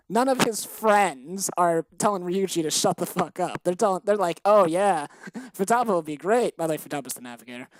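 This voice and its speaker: A woman's voice: lowish voice, no echo, low-quality recording. Exasperated woman ranting on a podcast. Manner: heated, profane ranting with exasperated outbursts. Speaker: podcast co-host. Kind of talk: casual chat.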